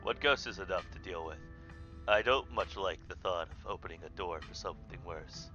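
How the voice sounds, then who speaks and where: A man's voice: low voice, normal speed, sharp tone, dull audio, soft background music. A man voicing a worried middle-aged father who talks in an earnest, hesitant way.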